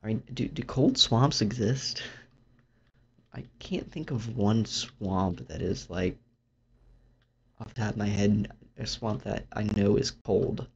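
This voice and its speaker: Low gravelly man, dry self-mocking ramble. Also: slow pace. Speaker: gaming YouTuber. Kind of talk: self-deprecating gameplay commentary. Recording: dull lo-fi mic.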